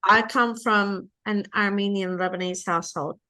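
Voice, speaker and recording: A woman's voice: mid-range voice, fairly even intonation, normal speed, pushed and bright, dry recording. A woman hosting a casual group chat podcast, chatty, closing with sign-off lines. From Australia. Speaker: podcast host.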